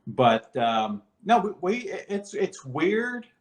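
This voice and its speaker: A man's voice: on the high side, big pitch swings, slow. A man chatting casually as an interview guest, rambling with many restarts and laughing easily. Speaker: guest, creator's husband. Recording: echoey room.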